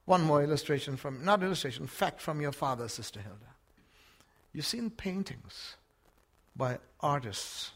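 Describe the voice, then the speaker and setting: An older man with an Australian accent preaching a sermon, swinging from hushed words to shouts. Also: a little high.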